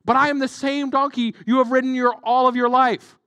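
A loyal talking donkey pleading its case with indignant questions, put on by a preacher. The voice sits high and close, with a dry sound. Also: male voice, flat delivery, brisk, pushed and bright, dry recording.

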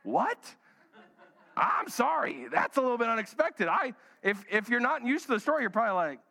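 A pastor in a church hall delivers his sermon with humor, slipping into playful voices for the Bible characters. His voice sits high for a man, and the long reverb of the room trails behind every phrase. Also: sing-song, normal speed, creaky, sharp tone.

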